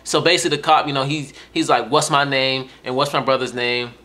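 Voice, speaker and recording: A young man casually telling a story to his viewers, profane and animated, often repeating and restarting words. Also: medium pitch, brisk. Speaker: vlogger.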